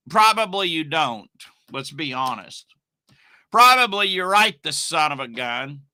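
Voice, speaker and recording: A man's voice: fairly high pitch, sharp tone, dry recording. A middle-aged man teaching online marketing on a casual live stream, rambling and emphatic, with asides to his viewers.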